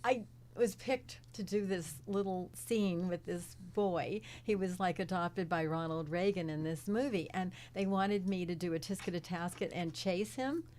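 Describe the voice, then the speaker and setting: A woman's voice: fairly low pitch, moderate pace, a little mellow. A woman in her seventies, a guest in an interview, telling chatty stories and laughing often between her words. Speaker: guest, former child actress. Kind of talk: casual interview storytelling.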